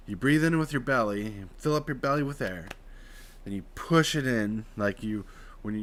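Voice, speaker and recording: A man from Utah in casual live-stream chat, explaining voice technique and swinging between a flat drawl and bursts of excited emphasis. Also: mid-range voice. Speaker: streamer host.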